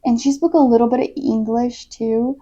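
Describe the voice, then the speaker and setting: A woman's voice: fairly high pitch, steady tone, moderate pace, dark tone. A young woman from the United States, a missionary, telling a story in a casual vlog. She is chatty, uses lots of "like" fillers and laughs easily. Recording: dull lo-fi recording.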